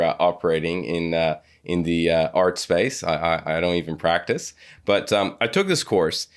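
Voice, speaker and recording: A man hosting a podcast interview, talking in a halting way with many restarts and repeated words. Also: low-pitched. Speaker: podcast host. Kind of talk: casual interview chat.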